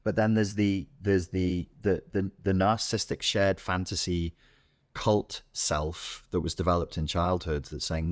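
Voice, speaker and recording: A middle-aged man with a Scouse accent talks bluntly and swears freely as a podcast guest. His voice sits very low, and the sound is dry and close. He often slips into acting out inner voices. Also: fairly even intonation, normal speed, dry recording. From Liverpool, England. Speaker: guest coach. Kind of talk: podcast interview.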